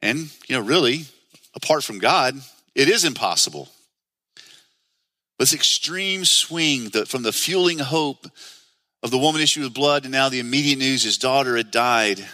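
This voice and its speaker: Bright, earnest preaching man. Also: medium pitch, lively intonation, moderate pace, no room sound. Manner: earnest, conversational preaching with rhetorical questions. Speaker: pastor. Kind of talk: sermon.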